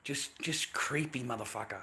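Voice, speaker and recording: A man's voice: mid-range voice, normal speed, bright, forceful tone. Blunt, swearing Australian man streaming. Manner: blunt, swears constantly, repeats himself. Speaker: livestreamer. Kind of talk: profane livestream rant to chat.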